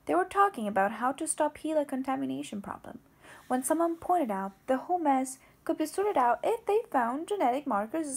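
Expressive woman reading an audiobook. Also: high-pitched. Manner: expressive reading that voices the characters. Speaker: audiobook reader. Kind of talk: audiobook narration.

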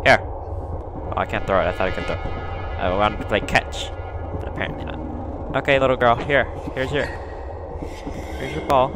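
A young man doing let's play commentary on a horror game, chattering nervously and breaking into loud, panicked yelps. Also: medium pitch, normal speed, long pauses, background noise. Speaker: gaming YouTuber. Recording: game music loud behind the voice.

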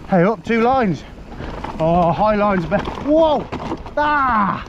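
A man's voice: high-pitched, very animated, slow pace. A man filming his mountain bike ride on a helmet camera, exclaiming and laughing as he goes. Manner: exclaiming and laughing, breathless bursts. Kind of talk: excited ride commentary. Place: outdoors on a wooded hill trail. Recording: muffled helmet-cam audio with wind and trail noise.

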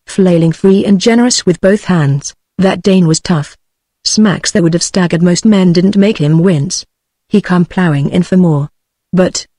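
A woman's voice: fairly low pitch, no room sound, clean studio sound. Synthetic British female audiobook voice. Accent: British English. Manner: even, synthetic reading with odd stresses. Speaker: audiobook narrator. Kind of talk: text-to-speech book reading.

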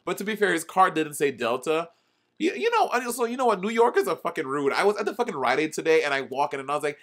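A man's voice: fairly high pitch, very animated, quick pace, a bit bright. A man co-hosting a podcast, teasing and cursing freely as he dramatically retells stories in casual comic chat. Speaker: podcast co-host.

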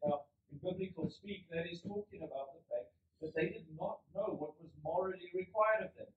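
South African pastor preaching in a roomy hall. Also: male voice, sits high, brisk, few pauses, slight background noise. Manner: animated storytelling, acts out biblical characters. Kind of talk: sermon. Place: church hall. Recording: roomy, distant, slightly dull church recording.

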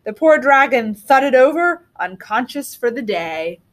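Reading a picture book to her listeners, this woman teacher takes an unhurried pace and tells the story with plenty of expression. Her rather high voice rises and falls a great deal.

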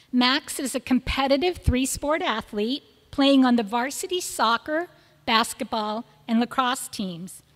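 A woman reading prepared tributes to graduating students at a school ceremony, in a measured, list-like delivery of praise. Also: fairly high pitch. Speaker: school speaker presenting seniors. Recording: long reverb of a large hall.

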